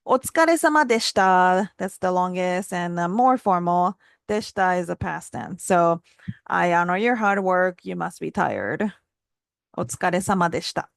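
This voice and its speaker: Woman teacher, casual lesson delivery, bouncy pitch on examples, dry close sound. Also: moderate pace, creaky, no echo. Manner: models phrases with lively pitch jumps, laughs lightly. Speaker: Japanese language teacher.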